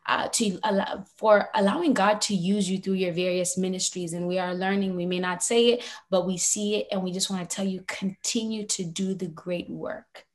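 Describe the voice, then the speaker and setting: A woman's voice: medium pitch, fairly even intonation, moderate pace, hardly any pauses. A woman hosting a faith podcast, speaking in an encouraging, preacherly way. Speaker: podcast host.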